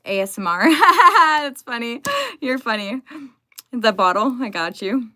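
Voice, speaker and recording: A woman's voice: medium pitch, moderate pace, bright, forceful tone. A young woman live streaming from home, chatting casually and greeting her viewers by name.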